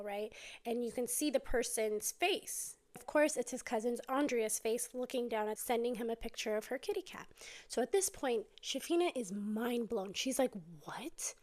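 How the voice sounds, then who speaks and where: A young woman with a slightly high voice tells a dramatic story in a casual storytime way. She gets animated and lifts her voice when she quotes the people in it. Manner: animated, quoting people in a raised voice.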